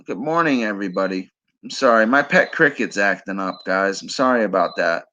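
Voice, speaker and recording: His voice sits on the low side but comes across bright, forceful, and expressive at a brisk pace. Casually chatting on a late-night stream, he rambles and teases his viewers with frequent chuckles. The lo-fi sound is slightly dull, and crickets chirp in the background.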